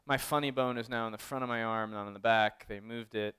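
Brief: male photographer, loose anecdotal talk, smooth clear voice, lots of "like"s. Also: lowish voice, steady tone, fairly quick, a bit bright. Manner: rambling storyteller, many "like"s and restarts. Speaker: photographer giving an artist talk. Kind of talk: casual anecdotal presentation. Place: art gallery talk.

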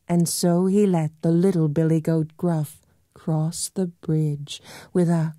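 A woman storyteller telling a folk tale in an expressive, deliberate way. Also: sits low, no echo. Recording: dry studio recording with soft music. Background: soft instrumental music.

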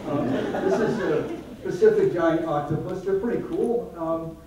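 A man's voice: sits high, measured pace, noisy background. Wry joking man in an echoey hall. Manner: wry, self-deprecating, joking. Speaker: photographer giving a talk. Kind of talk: humorous stage talk. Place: large hall before a live audience. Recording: echoey hall, mic from far off.

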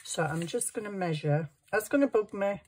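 A woman's voice: medium pitch, lively intonation, moderate pace, a little mellow, slight background noise. A woman making a junk journal, chatting to herself as she works. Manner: chatty, talks to herself while working. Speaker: crafting vlogger. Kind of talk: casual crafting chat.

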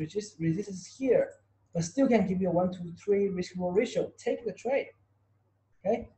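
A man teaches an online trading class, repeating points and firing rhetorical questions at his students. His voice sits high for a man, with a soft, mellow tone. The sound is roomy, with a clear echo. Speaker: trading tutor. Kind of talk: online webinar lesson.

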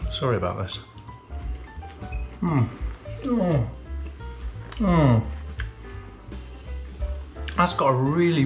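A man's voice: medium pitch, darkish tone. Enthusiastic man tasting food. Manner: enthusiastic, chatty, talking while eating. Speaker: cookery teacher. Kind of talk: casual tasting chat to camera.

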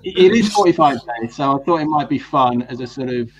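A man's voice: mid-range voice, animated, brisk, a crowd in the background. Chatty male talk show host. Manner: chatty, hesitant with restarts. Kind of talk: casual video-call chat. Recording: dull lo-fi stream audio.

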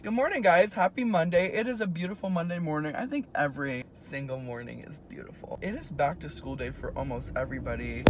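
A woman's voice: low voice, brisk, few pauses, a little hiss or hum. A young woman in her late teens chatting to her phone camera in a casual, bubbly vlog, full of filler words. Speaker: vlogger. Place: car and stores, out and about.

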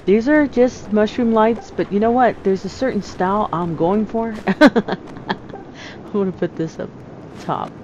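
A woman talking casually over her own gameplay, chatty and excitable, laughing often. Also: medium pitch, measured pace, slight background noise. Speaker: gamer. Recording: slightly dull lo-fi sound.

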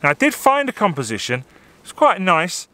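A man's voice: high-pitched, wildly swooping pitch, normal speed, pushed and bright. Chatty man vlogging outdoors. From southern England. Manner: chatty, self-deprecating and lightly joking. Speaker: landscape photographer and workshop host. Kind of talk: outdoor vlog commentary to camera. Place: outdoors on snowy, windy hills. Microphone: small on-camera microphone. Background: wind.

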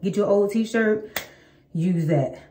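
A woman's voice: mid-range voice, slow, dark tone, reverberant, slight background noise. A woman in her thirties chatting casually through a hair-care routine, calling her viewers y'all with plenty of ums. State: out of breath. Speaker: vlogger. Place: home, indoors.

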